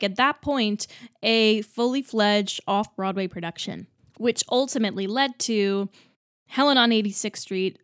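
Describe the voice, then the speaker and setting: A woman's voice: mid-range voice, dry recording. Woman, twenties, podcast host, chatty, enthusiastic, dry close sound. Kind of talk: solo podcast talk.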